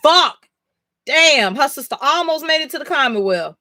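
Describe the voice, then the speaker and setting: A woman's voice: high-pitched, expressive, normal speed, sharp tone, no room sound, studio quality. A woman reading comics live on stream, reacting emphatically, swearing and talking straight to her chat.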